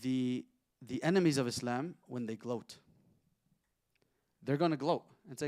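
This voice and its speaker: A sheikh leads an interactive Quran lesson in a conversational style, putting questions to his listeners and reciting Arabic verses at a fast clip. His mid-range voice is slightly mellow, captured dry with clean studio sound.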